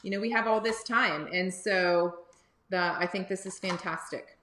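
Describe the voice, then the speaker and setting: A woman's voice: lowish voice, moderate pace, sharp tone, echoey room, slight background noise. A woman hosting a live cooking lesson for kids from a home kitchen, chatty and encouraging as she talks to viewers. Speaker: cooking teacher and livestream host. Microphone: phone or camera on livestream.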